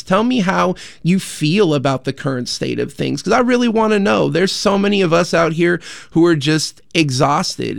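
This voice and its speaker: A man hosting a call-in radio show, speaking earnestly and haltingly with many fillers and restarts. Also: on the high side, vocal fry, no echo, studio quality. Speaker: radio host. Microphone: studio microphone.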